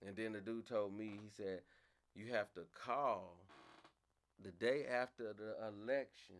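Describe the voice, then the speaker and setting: A man and father hosting a casual talk stream, telling a long story and swearing freely, his voice climbing higher and louder when he gets worked up. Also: steady tone, a little slow. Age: adult, father of a young daughter. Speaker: podcast host.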